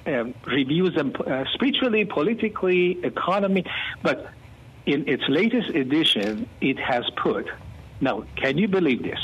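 A man, a pastor being interviewed, telling stories animatedly and given to excited outbursts. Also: a little high, breathy edge. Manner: animated, bursts into excited exclamations. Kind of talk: storytelling interview talk. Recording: muffled lo-fi.

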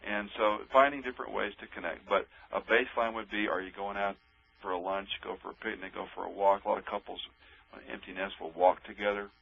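Low gravelly man on a tinny line. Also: a bit bright. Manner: earnest, anecdotal, repeats words while restarting. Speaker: guest giving Christian marriage advice. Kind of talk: earnest radio talk. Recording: narrow tinny radio-line sound.

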